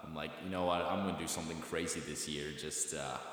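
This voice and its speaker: A man's voice: very deep voice, fairly even intonation, fast talker, a bit bright. A young man telling a story in casual chat, rambling and laughing, slipping into quoted voices. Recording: echoey room with long reverb.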